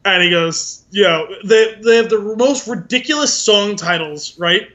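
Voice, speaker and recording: A man co-hosting a podcast in casual chat, animated and acting out movie scenes in funny voices. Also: high voice, moderate pace, lo-fi sound. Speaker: podcast co-host.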